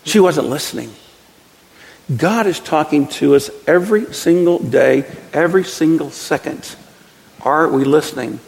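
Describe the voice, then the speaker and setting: A pastor reading scripture and preaching a sermon in a folksy, conversational storytelling manner. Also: male voice, a little high, measured pace, creaky, in a large hall, low-quality recording.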